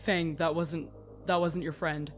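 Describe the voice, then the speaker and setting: A woman's voice: low voice, flat delivery, a little slow, faint music behind. A woman playing an earnest adventurer who consoles a friend, repeating herself apologetically. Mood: consoling.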